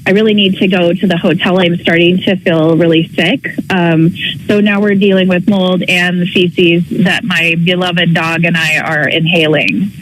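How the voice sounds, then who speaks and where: A woman calling into a radio show, telling her story in a rambling, halting way full of fillers. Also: lowish voice, fairly even intonation, slight background noise, rough recording. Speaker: caller. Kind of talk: phone-in call to a radio show.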